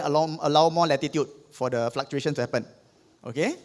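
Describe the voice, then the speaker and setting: A man's voice: fairly high pitch, quick pace, darkish tone. A man with a Singaporean English accent giving an economics revision lesson, explaining step by step and checking in with "okay?" after most points. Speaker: economics tutor. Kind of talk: revision lecture. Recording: long hall reverb.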